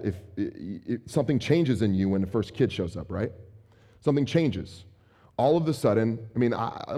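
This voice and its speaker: A man in his thirties preaching a sermon as pastor, conversational and animated, with playful asides. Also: on the low side.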